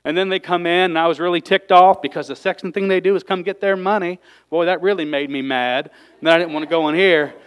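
Fervent higher-voiced man preaching. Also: fast, smooth, rough recording. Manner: fervent, gets worked up, sighs and exclaims between points. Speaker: lay preacher. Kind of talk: emotional sermon.

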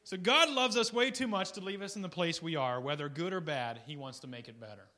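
A guest preacher gives an informal sermon a little fast, rambling conversationally with restarts and asides. He swings between loud, excited bursts and quiet, low remarks.

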